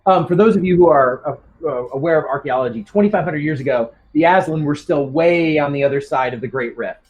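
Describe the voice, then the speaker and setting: A man's voice: on the high side, fairly quick, lo-fi sound. A man narrating as game master for a tabletop game, rambling with many ums and restarts.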